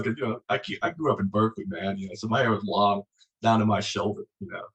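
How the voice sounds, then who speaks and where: A man's voice: mid-range voice, racing, poor audio. A man in his sixties, originally from Vietnam, telling stories as an interview guest and acting out the voices he quotes. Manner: animated storyteller, acts out quoted voices. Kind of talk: casual storytelling interview.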